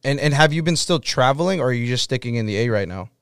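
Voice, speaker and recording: A man hosting a podcast, introducing his guest in a relaxed, conversational way. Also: mid-range voice, fast talker, smooth, no room sound, studio quality. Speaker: podcast host. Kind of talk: casual podcast interview. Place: Boston.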